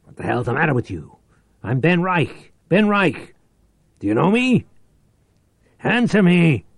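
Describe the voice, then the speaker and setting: A man voicing a desperate, violent man on the edge who shouts frantically. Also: on the high side, big pitch swings, a little slow, gravelly, breathy edge, no echo, studio quality, pitched above the performer's own voice, heavily acted. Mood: raging.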